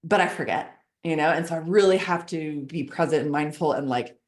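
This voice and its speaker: A woman's voice: deep voice, a little fast, roomy sound. A woman in her thirties, a coach speaking as a podcast guest, talking in a casual, chatty way with frequent laughs and lots of "like" fillers. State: four months pregnant. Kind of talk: casual conversational interview.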